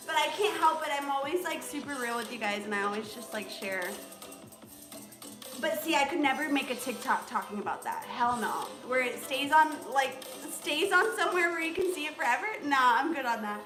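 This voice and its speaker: A young woman fitness instructor leads a live home workout in a high-pitched, animated voice at a moderate pace. She's chatty and full of "um" and "like," recorded in an echoey room with music playing in the background.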